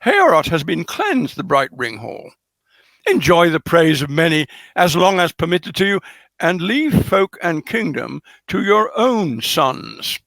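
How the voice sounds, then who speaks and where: A man reading out a queen's formal speech to her husband in his own voice, slow and measured. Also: on the high side, sing-song, vocal fry, fairly bright tone, no room sound, full character voice. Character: a queen addressing her old husband, tactful.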